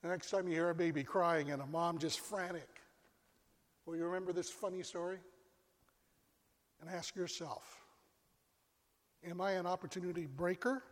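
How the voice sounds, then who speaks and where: Pastor preaching, highish voice, lots of hall reverb, pauses then goes quiet for effect. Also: male voice, steady tone. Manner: storytelling with dramatic pauses and drops to a hush. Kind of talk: sermon. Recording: long reverb of a large hall.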